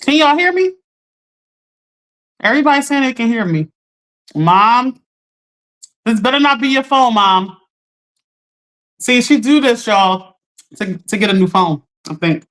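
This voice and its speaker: Woman livestream coach with a slightly high voice, chatty and direct, keeps calling out to viewers. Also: expressive, unhurried, pauses often, fairly bright tone. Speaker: life coach hosting a livestream. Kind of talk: casual livestream talk to viewers.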